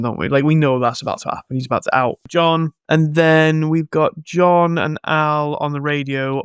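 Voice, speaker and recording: A man hosting a casual film review podcast, sweary and animated, often laughing and acting out lines. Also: mid-range voice, smooth, dry recording, studio quality. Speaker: podcast host.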